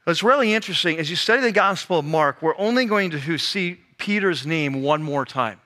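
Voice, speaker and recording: A man preaching a sermon as a pastor, telling the story in a casual, animated way that drops to a hush for the serious moments. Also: fairly high pitch, brisk. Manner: conversational, animated storytelling with sudden hushed drops.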